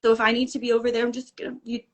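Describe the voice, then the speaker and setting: A woman guest recounting a story with lively energy, her voice on the higher side. She slips into the voices of the people in the story as she talks. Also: very fast. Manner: animated, acts out dialogue. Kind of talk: casual storytelling.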